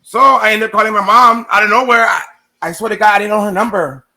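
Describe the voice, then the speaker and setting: A man's voice: sits high, fairly even intonation, quick pace, pushed and bright. A man casually telling a long personal story to his viewers, rambling and swearing, acting out what others said to him. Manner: rambling, profane, acts out quoted exchanges.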